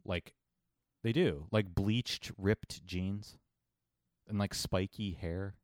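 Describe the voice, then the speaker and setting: A man's voice: sits low, steady tone, slow pace, darkish tone, no room sound, studio quality. Sarcastic, rambling podcast co-host man. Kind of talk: casual chat.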